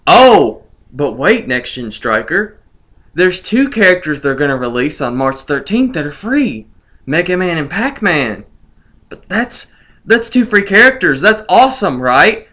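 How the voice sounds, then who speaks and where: Young male gaming vlogger, sarcastic and gloating, bright, slightly high voice. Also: very animated, measured pace. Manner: sarcastic, gloating, laughs incredulously. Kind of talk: ranting video commentary.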